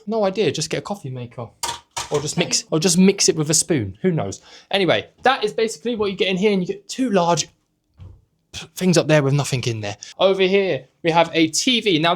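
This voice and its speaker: A young man giving a casual, joking tour of a small hotel room, filmed on a handheld camera. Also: a little high. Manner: chatty and joking, with offhand asides. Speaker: travel vlogger and host.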